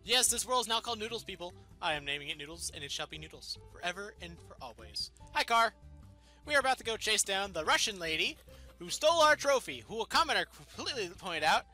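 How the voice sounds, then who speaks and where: Man, let's play host: very high, bright voice, lively swings, goofy and excitable, faint game music underneath. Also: fast. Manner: excitable, goofy, exclaims loudly. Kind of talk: gameplay commentary.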